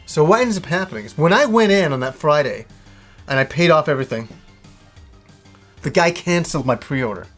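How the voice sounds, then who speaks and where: A man with a slightly high voice tells a story in a loose, ranting way. He acts out both sides of each conversation and swears freely as he goes. Faint music plays underneath. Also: fairly quick, long pauses. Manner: animated retelling with swearing and acted-out dialogue. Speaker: video game vlogger. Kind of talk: casual storytelling rant.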